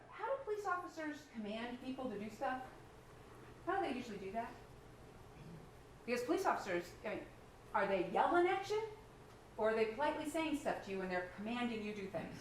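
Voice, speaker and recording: Emphatic woman prosecutor in courtroom. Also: a little high. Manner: emphatic, fires rhetorical questions at the jury. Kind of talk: courtroom closing argument. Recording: echoey courtroom, faint background noise.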